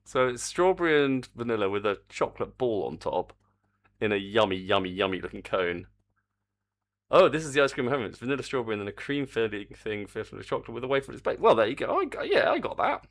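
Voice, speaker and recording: A man's voice: mid-range voice, big pitch swings, quick pace. An older man, chatting casually on a live stream while he works on a game, reading the chat aloud and swearing mildly.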